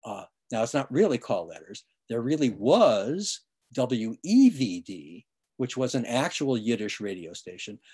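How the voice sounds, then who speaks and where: A man's voice: mid-range voice, big pitch swings, measured pace, darkish tone, husky. A man giving an online lecture about music history, explaining patiently with many fillers and restarts, and now and then humming a rhythm.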